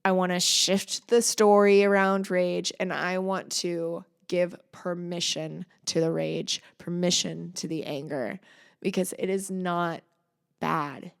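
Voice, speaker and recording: A woman hosting a solo podcast, talking in an earnest, reflective and encouraging way, letting phrases trail off softly. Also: fairly low pitch, steady tone, takes it slowly, gravelly, clean tone. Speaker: podcast host.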